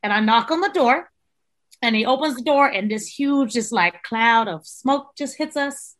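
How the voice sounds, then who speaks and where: A young woman tells a story in casual podcast chat. Her voice sits a little high. She is animated and acts out the people she quotes. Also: moderate pace. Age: young adult. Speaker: podcast guest, former resident assistant.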